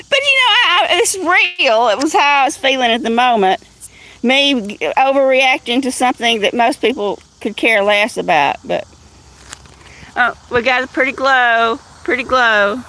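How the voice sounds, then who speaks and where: High-voiced woman chatting to cats. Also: bright, forceful tone. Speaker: livestream host. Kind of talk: casual livestream chat. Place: outdoors among cats in the evening.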